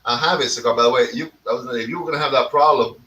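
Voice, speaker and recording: A man's voice: medium pitch, rapid-fire, sharp tone, recorded from a distance, poor audio. A man hosting a casual cigar talk show with his friends, rambling and teasing with plenty of swearing. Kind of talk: casual chat.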